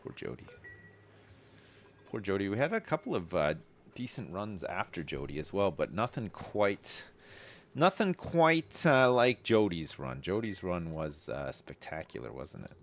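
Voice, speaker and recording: Casual streamer, male, lowish voice with faint background noise; rambling play-by-play with lots of "uh"s and sudden bursts of excitement. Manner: rambling, thinks aloud with frequent fillers and quick excited reactions. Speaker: game streamer. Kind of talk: casual gameplay commentary.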